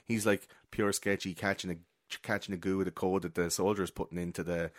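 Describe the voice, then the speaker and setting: Animated man retelling a film. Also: sits low, brisk, dry recording, clean studio sound. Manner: animated storyteller, acts out characters with sound effects; swears casually. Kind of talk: casual podcast chat recapping a film.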